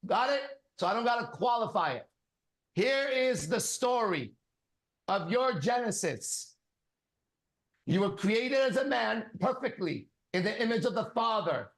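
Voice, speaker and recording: In an echoey room, a man with an extremely high, creaky, slightly bright voice preaches to a listener as a spiritual teacher. He is emphatic and commanding, hammering on repeated phrases.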